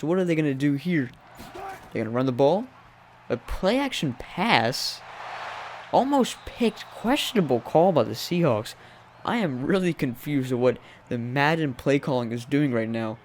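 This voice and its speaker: A young man giving casual play-by-play commentary over a football video game, talking to the teams on screen and jumping high when surprised. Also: slight background noise. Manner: chatty, talks to the teams on screen. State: voice cracking. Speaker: gaming commentator.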